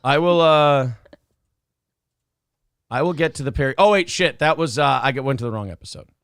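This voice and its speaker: A man's voice: fairly high pitch, moderate pace, fairly bright tone, clear, resonant tone, no room sound, clean studio sound. A slightly drunk man hosting a casual live stream, rambling and fumbling with lots of fillers. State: a little drunk. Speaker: podcast host.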